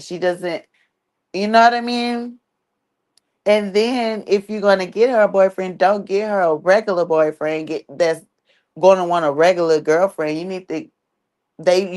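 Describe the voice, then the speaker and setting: Blunt, exasperated woman with a low voice. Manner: blunt, exasperated, swears freely. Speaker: streamer commenting on an online family. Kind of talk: casual livestream commentary.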